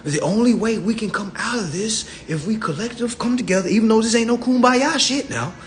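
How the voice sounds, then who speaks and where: A man with a notably high-pitched voice lectures on a phone live stream. He is blunt and confrontational, and he slows right down to hammer in the passages he reads aloud. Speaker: livestream speaker. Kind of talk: livestream lecture, reading law text aloud.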